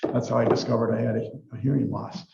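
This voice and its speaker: A man's voice: mid-range voice, steady tone, quick pace, creaky, warm tone, roomy sound, dull audio. A man giving a university psychology lecture in a casual, rambling way, full of fillers and restarts. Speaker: psychology professor.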